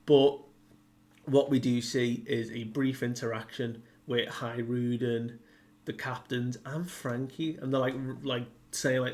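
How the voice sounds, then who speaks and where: A man talks through a comic chapter at an unhurried, drawn-out pace, his pitch sitting in an ordinary middle range. His delivery is loose and rambling, and he fills it with "like" as he retells the characters' lines in his own words. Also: steady tone, a little mellow. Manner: rambling, heavy use of "like", paraphrases characters. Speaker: manga reviewer. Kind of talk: casual chapter recap.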